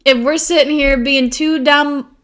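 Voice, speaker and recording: A woman's voice: high-pitched, steady tone, a little slow, fairly bright tone. A young woman co-hosting a podcast, chatting casually in a rambling, giggly way with lots of "like". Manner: rambling, giggly, heavy use of "like". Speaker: podcast co-host. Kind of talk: casual chat.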